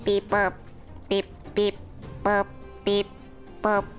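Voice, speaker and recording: Brief: woman with a totally flat, slow monotone, faint music behind. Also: mid-range voice. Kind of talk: casual chat.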